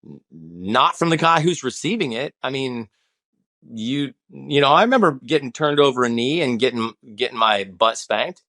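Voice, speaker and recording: A man's voice: mid-range voice, expressive, normal speed, bright, forceful tone. A man in his forties, a guest on a podcast, talking in a rambling, passionate way with many restarts. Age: 40s. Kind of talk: casual conversation.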